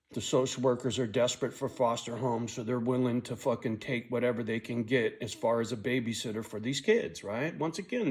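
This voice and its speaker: A middle-aged man telling a personal story in a blunt, casual way, swearing a lot and often tagging his lines with "right?". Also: mid-range voice. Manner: blunt, heavy swearing, frequent "right?" tag; angry when telling the story, quiet and weary when reflecting.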